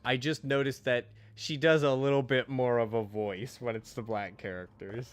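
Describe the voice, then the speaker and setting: A man's voice: medium pitch, steady tone, moderate pace. A man streaming a game, chatting casually with lots of fillers and swearing. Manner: rambling, profane, frequent fillers. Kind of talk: casual chat while streaming.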